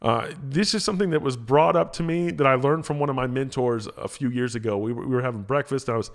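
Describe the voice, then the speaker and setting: A man's voice: medium pitch, fast talker. A man hosting a motivational podcast, talking casually with energy, often repeating himself and restarting phrases. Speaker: podcast host, motivational speaker.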